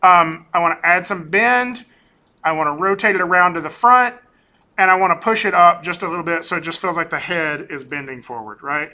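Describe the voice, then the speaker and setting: A male animation instructor lecturing casually through a software demo, often ending points with "right?" and pausing on "um". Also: high voice. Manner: casual, talkative, keeps tagging on "right?"; frequent ums and restarts. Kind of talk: recorded class lecture with screen demo.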